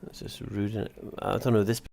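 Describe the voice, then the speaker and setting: A man hosting a live online discussion stream, talking in a relaxed, hesitant way with many fillers. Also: on the low side, a little fast, vocal fry. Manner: easygoing, hesitant, lots of fillers. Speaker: host. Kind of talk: casual live-stream chat.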